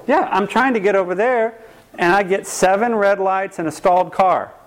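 A man's voice: high-pitched, normal speed. A man giving a live talk on anger to an audience, asking them questions and acting out what people say. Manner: lively, asks the audience questions, acts out quoted voices. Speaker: speaker teaching a workshop on anger.

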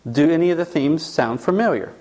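A man's voice: fairly high pitch, lively intonation, brisk, a little mellow. A man teaching a class, telling a case story and then asking the audience questions. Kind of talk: storytelling lecture.

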